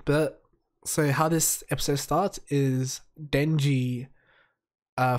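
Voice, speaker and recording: A man sounding sick and hoarse, casually reviewing anime episodes in a rambling, excitable, heavily profane way. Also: mid-range voice.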